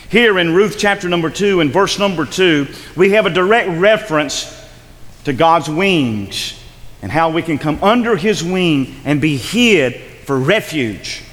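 A man preaching with a high voice that swings widely in pitch. His delivery is emphatic and full of repetition, and he acts out the scripture he reads. The sound carries a long reverb, like a big church hall. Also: fairly bright tone. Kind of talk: sermon.

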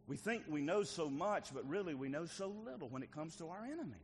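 High lively preacher with swinging volume. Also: male voice, brisk, long reverb tail, slight background noise. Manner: swings from quiet teaching to shouted exhortation. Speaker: pastor. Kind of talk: sermon. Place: church.

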